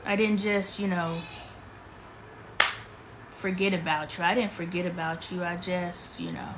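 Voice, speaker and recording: A woman's voice: lowish voice, steady tone, measured pace, heavy background noise. A woman hosting a casual livestream from her bedroom, talking emphatically and preaching, often repeating herself. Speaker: livestream host.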